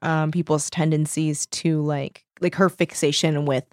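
A woman co-hosting a casual book discussion, relaxed, with many fillers, acting out characters' lines. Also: low-pitched, unhurried, no room sound, clean studio sound. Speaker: book podcast co-host. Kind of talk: casual chat.

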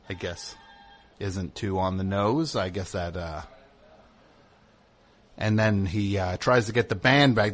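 A man hosting a comedy talk show, rambling through a bit with many fillers and quick mock voices. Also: on the low side, fairly bright tone, slightly rough. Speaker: radio show host.

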